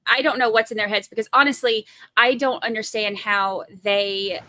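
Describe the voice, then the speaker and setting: A woman's voice: mid-range voice, steady tone, moderate pace, very noisy. A woman in her forties with a Southern US accent, rambling and chatty as she hosts a casual livestream commentary. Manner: chatty, rambling, heavy on fillers. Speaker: livestream host.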